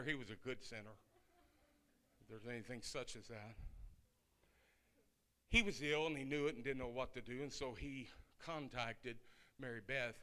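A man's voice: mid-range voice, sharp tone. A man pastor preaching a sermon, telling a story in a folksy, conversational way.

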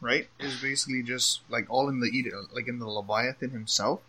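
A man's voice: medium pitch, steady tone, brisk, bright, forceful tone, slightly rough, poor audio. A man in casual chat, asking questions about a video game's story with lots of "like". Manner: questioning, with filler "like". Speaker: gamer in a group chat.

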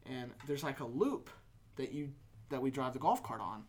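A woman's voice: a bass voice, lively intonation, moderate pace, a little mellow. A woman co-hosting a podcast, telling a childhood story in a casual chat, rambling with fillers and laughing along. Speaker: podcast co-host.

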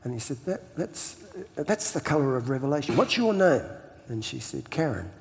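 An older man from New Zealand with a New Zealand accent, telling stories as a pastor guest in a relaxed interview, laughing often and repeating words as he starts his sentences. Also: medium pitch, normal speed, vocal fry. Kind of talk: storytelling interview chat. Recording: long hall reverb.

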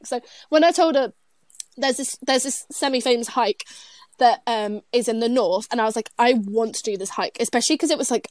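A woman's voice: a little high, a little mellow, no room sound. A woman, chatting casually as a guest, giggly and rambling with lots of restarts. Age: 20s. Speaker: guest, traveler. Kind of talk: casual chat.

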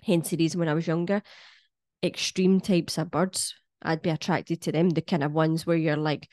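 A Scottish woman in middle age with a lowish, warm voice, talking straight at her viewers. She is blunt and cheeky, swears freely, and lectures in a close, dry sound. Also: fairly even intonation, moderate pace, dry recording. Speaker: wellness vlogger. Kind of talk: casual monologue to camera.

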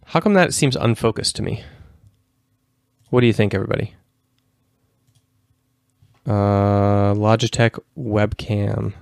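A man in his thirties hosts a livestream, talking loosely and often correcting himself mid-sentence. His voice sits on the low side, recorded dry and close. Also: slow pace, vocal fry, pauses often, darkish tone, dry recording. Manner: rambling, self-correcting, informal. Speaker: host. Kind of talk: casual livestream chat.

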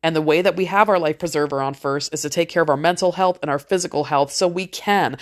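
Speaking briskly and with few pauses, this middle-aged woman has a voice on the low side. Her casual monologue to her listeners is rambling and motivational, delivered with blunt frankness and plenty of swearing.

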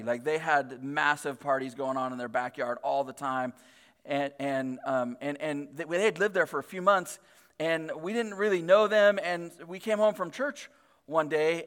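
Chatty pastor in a reverberant hall. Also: male voice, on the high side, fairly bright tone, clean tone. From Northern California. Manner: chatty, filler-heavy, self-deprecating. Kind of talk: casual storytelling sermon. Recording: long reverb of a large hall.

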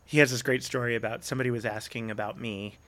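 A middle-aged man, a podcast guest, telling stories in a casual chat and acting out the people he quotes with big jumps in pitch. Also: fairly even intonation, fast, a bit bright.

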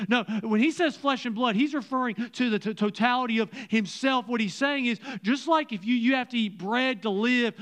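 A man with a fairly high voice preaching to his church. He talks in an easy, conversational way, putting questions to the congregation and sinking almost to a hush on key lines. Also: moderate pace, hardly any pauses. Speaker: pastor. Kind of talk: sermon. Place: church service.

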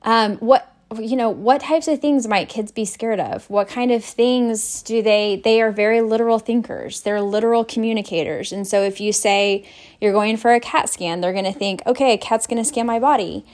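A woman's voice: mid-range voice, fairly even intonation, moderate pace, darkish tone. A woman teaching nursing students in a conversational recorded lecture, talking with many fillers and restarts. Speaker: nursing instructor.

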